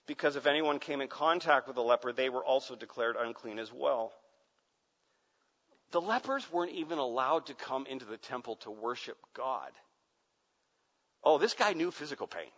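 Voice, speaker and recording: Male pastor, dramatic sermon delivery, bright tone, reverberant muffled hall recording. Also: mid-range voice, animated, normal speed. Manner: dramatic, swings from hushed to loud shouting.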